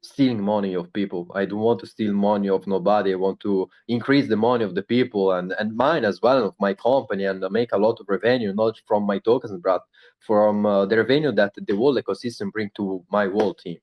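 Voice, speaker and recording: A man with an Italian accent works his way through an answer in careful, halting English, stopping often to find the words. His voice sits a little low. The audio is dull and lo-fi, as on an online call. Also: steady tone. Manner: halting, searching for English words, many fillers. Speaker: project founder answering questions. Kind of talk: casual live Q&A talk.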